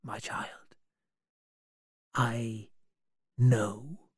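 A man voicing a slow, grave old general. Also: a little high, animated, no echo, studio quality, exaggerated voice. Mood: resigned. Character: old male general, sad and resigned.

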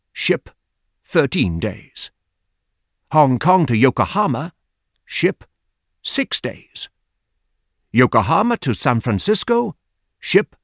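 Man reading an eager gentleman, emphatic, slow careful listing, dry close sound. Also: medium pitch, no echo, exaggerated voice. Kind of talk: audiobook character reading.

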